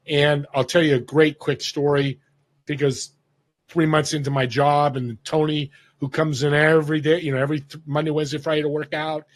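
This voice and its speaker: A man in his fifties from Northern California, a podcast guest telling a story and acting out the voices of people he quotes. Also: fairly high pitch. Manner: animated storyteller who acts out quoted voices. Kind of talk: casual storytelling interview.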